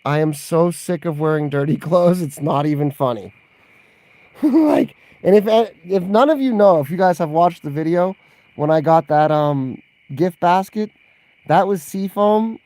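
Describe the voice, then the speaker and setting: A man's voice: fairly high pitch, moderate pace, darkish tone, dry recording. A man in a casual livestream Q&A, rambling and chatty, laughing often and reacting to live chat messages. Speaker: vlogger answering viewer questions.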